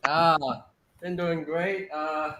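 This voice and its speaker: A man's voice: on the high side, flat delivery, extremely slow, very noisy. A man chatting casually about his toy collection, easygoing and a bit hesitant. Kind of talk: casual chat about toys.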